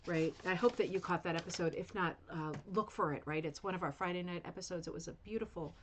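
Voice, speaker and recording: A woman's voice: on the low side, fast, a little hiss or hum. A woman hosting a casual craft chat, gushing and rambling with many fillers as she shows a rug to viewers at home. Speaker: rug hooking channel host.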